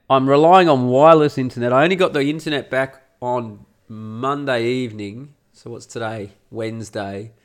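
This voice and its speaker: A man's voice: mid-range voice, clean tone. A man hosting a casual solo podcast from home, talking in a rambling, profane and self-mocking way. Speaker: podcast host and blogger. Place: at home during renovation.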